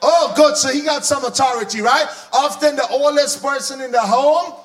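A man preaching a sermon, animated, shouting for emphasis and asking the congregation questions. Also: very high-pitched, moderate pace.

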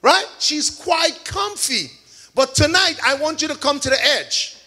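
A man preaching a sermon to a congregation, shouting key words, drawing out call-and-response and mixing in chatty everyday examples. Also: very high-pitched, expressive, a little slow. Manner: homely store examples, chatty asides. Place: church service with a congregation.

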